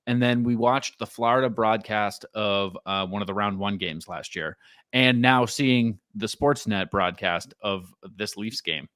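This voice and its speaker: A man's voice: fairly low pitch, fairly bright tone, no room sound, clean studio sound. A man co-hosting a casual sports podcast, exasperated and sarcastic. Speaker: podcast co-host.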